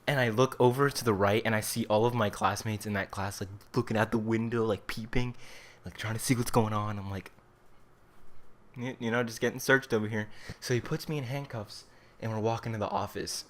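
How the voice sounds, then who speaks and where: A man's voice: fairly low pitch, fairly even intonation, fairly quick. A young man in his late teens telling a story in a casual, rambling way, with lots of fillers. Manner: rambling, filler-heavy "like" delivery. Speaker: vlogger.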